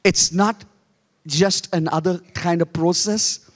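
A man preaches in a slow, deliberate way, his voice sitting a touch high for a man. He moves between quiet asides and emphatic raised lines. The sound carries the long echo of a church hall. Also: fairly even intonation. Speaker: pastor. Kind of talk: sermon.

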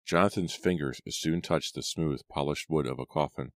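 Very deep-voiced male narrator. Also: dry recording. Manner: dramatic, measured reading. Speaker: audiobook narrator. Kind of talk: scripted narration.

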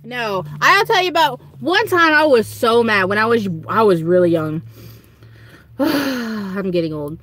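A young woman with a Southern US accent chatting casually to viewers on a livestream from home, giggling and breaking into high squealing quotes. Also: lively intonation, a little slow, fairly bright tone, a little hiss or hum. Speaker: livestream host.

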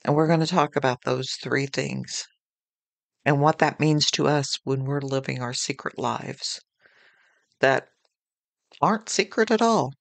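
A woman's voice: very deep voice, measured pace, creaky, long pauses, no room sound. A woman hosting a devotional podcast, talking in an earnest, conversational way and weaving in homely anecdotes. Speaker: podcast host.

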